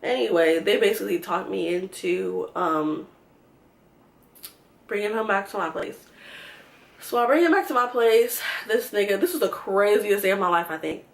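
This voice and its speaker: A young woman telling a storytime vlog, animated and swearing freely as she acts out what people said. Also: mid-range voice, normal speed, gravelly, echoey room. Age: young adult. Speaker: vlogger.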